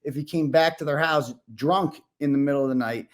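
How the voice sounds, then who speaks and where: A man telling an animated story as a podcast guest, full of fillers and restarts. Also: fairly high pitch, a little fast. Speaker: podcast guest, independent reporter. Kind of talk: casual podcast conversation.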